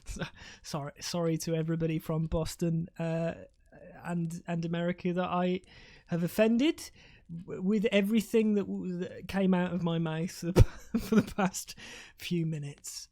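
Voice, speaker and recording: A woman's voice: on the low side, fairly even intonation, a little slow, warm tone. A woman casting a live strategy game match in a loose, rambling way, swearing freely and laughing at her own jokes. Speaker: esports caster. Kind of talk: casual live game commentary.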